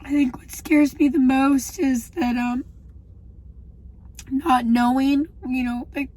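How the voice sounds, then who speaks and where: A woman in her twenties talking in a personal video diary, halting and emotional, with many pauses. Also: high-pitched, steady tone, a little mellow, poor audio. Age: 20s. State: shaky. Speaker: vlogger.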